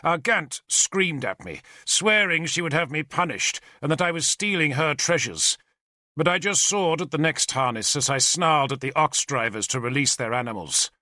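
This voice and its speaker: Bright, lively male audiobook narrator. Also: fairly high pitch, normal speed, no room sound, studio quality. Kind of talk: first-person audiobook narration.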